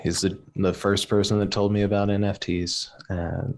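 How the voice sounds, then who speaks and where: A man co-hosting a casual livestream podcast, talking in a laid-back, earnest, halting way. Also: deep voice, flat delivery. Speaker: podcast co-host.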